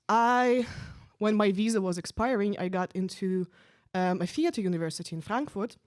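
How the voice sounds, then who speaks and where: A young woman telling a stand-up story into a stage mic, loose and conversational, full of little "like"s and "um"s. Her voice sits at an ordinary middle pitch. The sound is dry and close, with almost no room echo. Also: a little mellow. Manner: casual, chatty, full of "like" and "um". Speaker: stand-up comedian. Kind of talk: stand-up comedy set. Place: stage at a live event.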